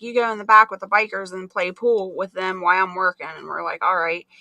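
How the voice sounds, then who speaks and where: A middle-aged woman hosting a livestream, telling animated stories in casual chat and laughing often. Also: mid-range voice, no room sound. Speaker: livestream host.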